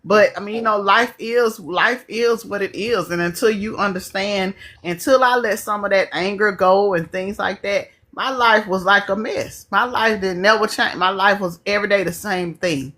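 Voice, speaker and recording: Woman co-hosting a podcast, lively and preachy, says things twice. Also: mid-range voice, normal speed, few pauses. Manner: animated, preachy, repeats herself. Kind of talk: casual group chat.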